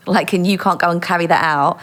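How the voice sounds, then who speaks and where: A woman telling stories in a casual interview. She is animated and laughs often, and she acts out the voices in her stories. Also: lowish voice, fast. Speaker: guest, former undercover police officer.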